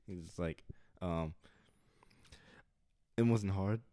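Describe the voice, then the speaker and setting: A man co-hosting a podcast in casual chat, animated, laughing often and jumping into high squeaky voices when retelling scenes. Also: normal speed, no room sound, clean studio sound. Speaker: podcast co-host. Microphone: studio mic.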